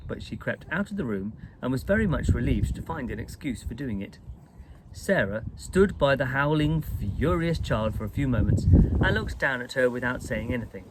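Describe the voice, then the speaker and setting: A man reading a children's storybook aloud in an expressive, lively way. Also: medium pitch, moderate pace, noisy background. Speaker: storybook reader.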